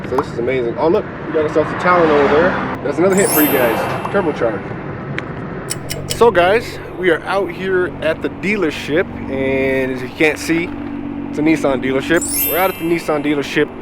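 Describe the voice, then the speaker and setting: Excited man vlogging over traffic noise. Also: on the high side, a little fast. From Arizona. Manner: excited and upbeat, addressing viewers as guys. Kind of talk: casual vlog commentary. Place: outdoors and in a car.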